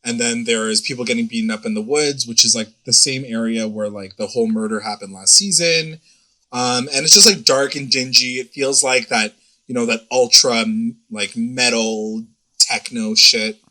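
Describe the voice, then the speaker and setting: Male podcast co-host with a very bright voice, loose and rambling, curses often, middle pitch. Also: steady tone, moderate pace, a little hiss or hum, low-quality recording. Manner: rambling, swears freely, acts out quotes. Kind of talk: casual recap chat.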